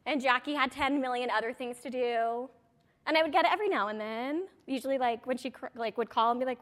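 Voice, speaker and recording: High, lively woman giving a pep talk. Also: fairly quick. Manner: chatty, rambling, self-deprecating asides. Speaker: direct sales business coach. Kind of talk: motivational talk to an audience.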